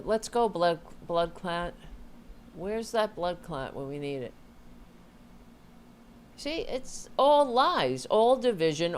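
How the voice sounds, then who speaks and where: A woman political commentator with a lowish voice, who talks slowly and deliberately. She reacts to clips with exasperated, sarcastic commentary. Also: a little hiss or hum.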